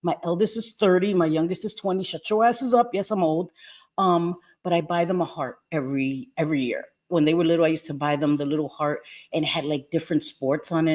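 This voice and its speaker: A chatty woman with a lower voice hosts a casual livestream chat, greeting viewers by name and laughing often.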